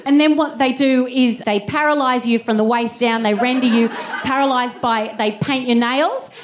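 A woman in her thirties performing a live stand-up routine, telling comic stories and breaking into bursts of scat singing. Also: sits high. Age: 30s. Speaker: comedian.

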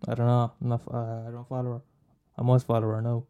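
A man's voice: mid-range voice, monotone, fast talker, clear, resonant tone, phone-quality sound. A young man doing a profane, mocking comic rant, rambling and swearing constantly. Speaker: comedian.

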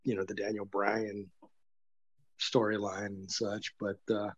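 A man's voice: lowish voice, little pitch movement, unhurried, no room sound. Brief: middle-aged man, blunt and wry, self-mocking guest, dry and dull-sounding remote line. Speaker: guest author. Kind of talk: casual interview chat.

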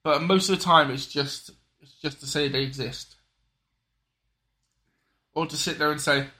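A man's voice: on the high side, steady tone, a little slow, long pauses, sharp tone. A man in casual conversation, rambling and restarting his sentences with frequent apologetic asides. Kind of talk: casual political chat.

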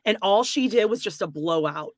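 A woman's voice: medium pitch, lively intonation, normal speed, no room sound, studio quality. A woman in casual gossip chat, talking with lots of fillers and giving blunt opinions.

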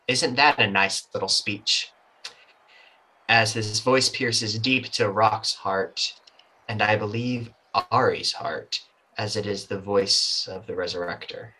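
A man's voice: fairly low pitch, sharp tone, slightly rough, poor audio. A man narrating a tabletop game as game master, in a loose, rambling way full of hedges and asides.

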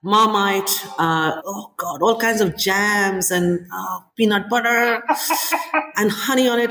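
A woman in her forties, a chef and restaurant owner, talking in an interview in an animated storytelling way with many "you know"s. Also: mid-range voice, slow. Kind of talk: interview conversation. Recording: echoey room with long reverb.

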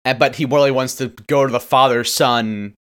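A man riffing in casual comedic brainstorming, excitable, bursting into high-pitched acted lines. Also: moderate pace, smooth.

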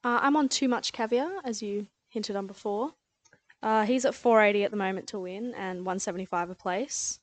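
A woman giving her race tips in a relaxed, chatty way, laughing easily. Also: mid-range voice, normal speed. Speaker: podcast guest tipster. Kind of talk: casual racing tips chat.

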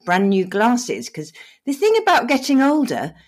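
A middle-aged co-host with a higher-pitched voice speaks at a moderate pace on a podcast recorded over a video call. Emotional and candid, she's animated throughout and often breaks into laughter.

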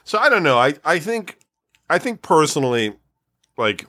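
A man in his forties in casual conversation, rambling and frank, swearing freely and filling pauses with "um" and "like". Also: on the high side, sing-song, pushed and bright. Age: 40s. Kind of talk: casual chat.

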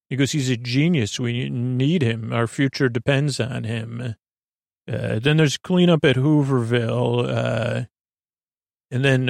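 A man's voice: medium pitch, gravelly, dry recording, studio quality. A man hosting a podcast, casually recapping an episode in a rambling way, with lots of fillers and restarts as he quotes the characters in his own voice. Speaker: podcast host.

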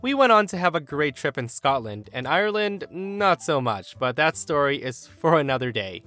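A man reading an online story aloud in an animated, emphatic way. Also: on the high side, normal speed, faint music behind. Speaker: story narrator.

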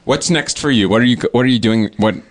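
A man's voice: medium pitch, quick pace. A man hosting a casual chat, asking playful, teasing questions. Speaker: host.

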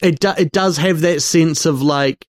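A man co-hosting a film podcast in casual discussion, talking haltingly and wryly as he searches for words. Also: fairly high pitch, no echo.

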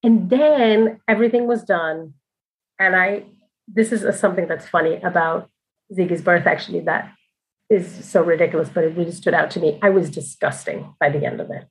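A woman's voice: lowish voice, moderate pace, low-quality recording. Candid woman telling a personal story. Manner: candid and chatty, laughing often, frequent asides and fillers. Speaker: mother telling her birth story.

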